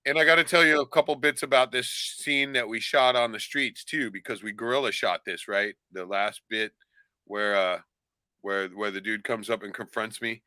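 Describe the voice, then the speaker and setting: A man's voice: lowish voice, fairly even intonation, moderate pace, bright, forceful tone, no echo. A man on a casual podcast, rambling and swearing a lot, often tagging lines with "right?". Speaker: podcast co-host. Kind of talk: casual profane chat.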